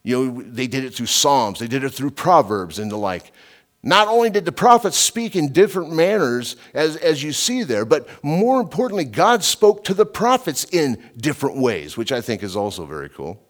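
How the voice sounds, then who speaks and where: Animated, conversational male preacher. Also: medium pitch, normal speed. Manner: conversational, emphatic, digressive, with frequent "you know". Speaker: preacher and radio Bible teacher. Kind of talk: informal expository sermon.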